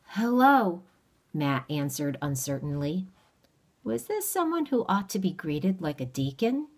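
A woman reading a children's novel aloud, with steady, measured storytelling. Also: sits low. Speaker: reader.

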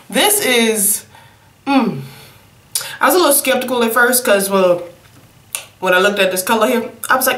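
A woman's voice: mid-range voice, lively intonation, moderate pace, long pauses, a bit bright, reverberant. A young woman in a casual, sassy makeup review, sniffly from a cold and calling her viewers honey and y'all. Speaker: beauty vlogger.

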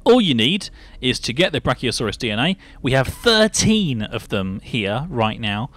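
A man's voice: mid-range voice, very animated, normal speed, a bit bright. A man hosting a casual Minecraft gameplay chat, explaining things step by step with lots of fillers. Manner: chatty, laughing, explains step by step. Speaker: host.

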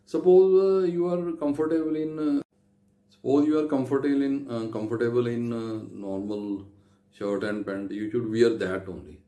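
A man's voice: medium pitch, steady tone, moderate pace, warm tone, reverberant. A man giving visa interview advice, talking with many fillers and restarts. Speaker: visa advice video host. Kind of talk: unscripted advice talk to camera.

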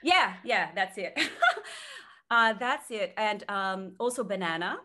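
A woman's voice: mid-range voice, lively intonation, slow, pushed and bright. A woman guest on a podcast, giving sleep advice in a chatty way and laughing between points.

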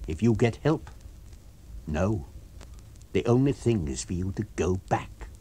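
An unseen menace who issues orders coldly, husky and low, with a lively edge to his pitch, as a male reader puts him on. The storybook voice keeps a quiet threat. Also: a little slow. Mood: menacing.

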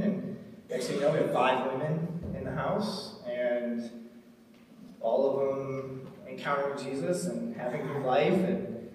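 A man from Ohio telling his testimony in a sermon, earnest and storytelling, with frequent ums and "right?" tags. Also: mid-range voice. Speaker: preacher and recovery ministry leader. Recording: echoey hall from far off, faint noise.

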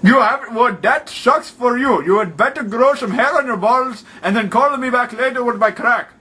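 Male prank caller, mock-serious and bossy, with a high, piercing voice. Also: normal speed, pushed and bright, slight background noise, low-quality recording. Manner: indignant, demanding, mock-serious. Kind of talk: prank phone call.

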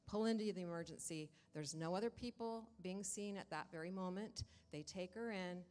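A woman telling a congregation a personal story in a lively way, acting out the dialogue as she goes. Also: lowish voice, normal speed, long reverb tail. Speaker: church member giving a testimony. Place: church sanctuary.

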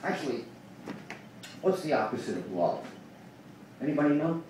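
A man's voice: medium pitch, sing-song, normal speed, darkish tone. A man doing a rambling stand-up set, swinging between mumbling and ranting, recorded from far off in a small club. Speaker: stand-up comedian. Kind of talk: open-mic stand-up set. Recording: echoey club from far off, noisy.

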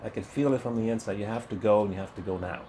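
Man in his 60s being interviewed, lowish voice, tells stories with lots of energy, does other folks' voices, little bit of room noise. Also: very fast. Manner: animated storyteller who acts out other people's voices and laughs often. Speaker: guest, retired bodybuilder. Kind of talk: storytelling interview.

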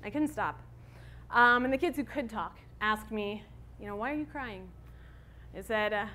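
A woman's voice: mid-range voice, animated, normal speed, long pauses, pushed and bright. A woman in her thirties giving a conference talk on stage, candid and conversational with many fillers. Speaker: conference speaker.

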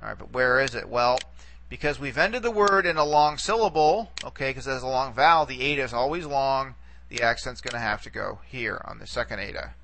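A man with a bright, forceful voice teaches a recorded lesson, walking through each point patiently and pausing to check in with the listener. A faint hum of room ambience sits behind him. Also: medium pitch, lively intonation, creaky. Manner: patient, explains step by step with frequent "okay" and "all right".

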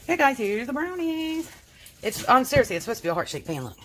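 A woman's voice: high-pitched, very animated, fast, slight background noise. A woman in a home cooking vlog, chatting and explaining each step as she goes. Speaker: cooking vlogger.

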